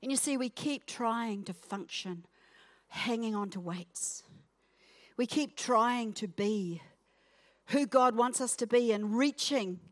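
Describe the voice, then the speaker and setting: A woman preaching a sermon, acting out her points in a playful, self-mocking way that swings between loud and soft. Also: fairly high pitch, slow pace, no room sound. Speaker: guest preacher. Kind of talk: sermon with acted illustration.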